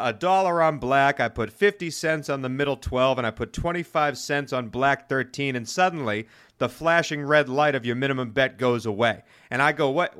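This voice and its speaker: Bright-voiced man telling a story. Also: mid-range voice. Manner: animated, swearing, fast-talking. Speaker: podcast host. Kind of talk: casual storytelling.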